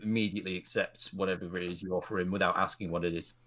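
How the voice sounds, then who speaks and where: A man's voice: low voice, steady tone, rapid-fire, fairly bright tone. A man narrating a tabletop role-playing game as game master, in a casual, chatty way. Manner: casual, chatty, slips into character voices.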